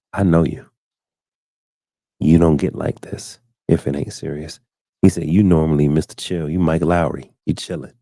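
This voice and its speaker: Man, 30s, talk show host, very low voice, mellow, dry close sound, casual storytelling, animated quoting. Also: gravelly, no room sound. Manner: animated storyteller, acts out quotes with big pitch jumps. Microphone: studio mic, live stream.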